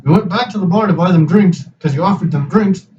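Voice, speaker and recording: A man's voice: high-pitched, fast. Profane young man telling a rambling story. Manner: profane, rambling, animated retelling with quoted dialogue. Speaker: podcast host. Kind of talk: casual storytelling chat. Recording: distant mic, dull lo-fi sound with clear background hiss.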